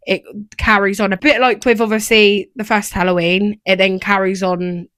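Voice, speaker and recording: A woman's voice: mid-range voice, level tone, moderate pace, a bit bright, clear, resonant tone, no echo. A young woman co-hosting a podcast, chatting casually and rambling with lots of fillers. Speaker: podcast co-host. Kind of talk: casual chat.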